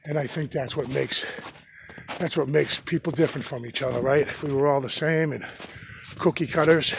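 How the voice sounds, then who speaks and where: A hiking vlogger from New England with a Boston accent chats and jokes casually while climbing through a snowy forest, a bit winded. His medium-pitched voice is steady and fairly quick with vocal fry, against a noisy background.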